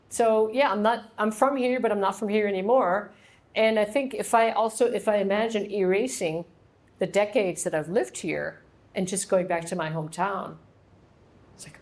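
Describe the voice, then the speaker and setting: A woman's voice: medium pitch, brisk, a little mellow. Middle-aged woman from ohio, author taking questions at her book launch, chatty and laughing, acts out little conversations. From Ohio, USA. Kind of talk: casual Q&A talk.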